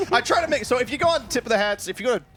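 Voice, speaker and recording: A man's voice: very high-pitched, expressive, quick pace, background noise. A man co-hosting a charity stream, chatting with enthusiasm and talking up donation goals. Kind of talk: casual chat.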